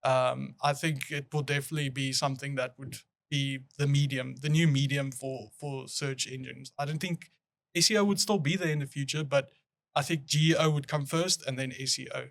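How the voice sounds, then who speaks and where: A man's voice: mid-range voice, steady tone, a little fast, gravelly, fairly bright tone, no echo. Agreeable male podcast guest, dry sound. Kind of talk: casual business chat.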